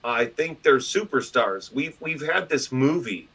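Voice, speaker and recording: A man telling stories as a guest in a casual interview, loud, profane and animated, slipping into other people's voices. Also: medium pitch, unhurried, husky, poor audio. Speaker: podcast guest and publisher.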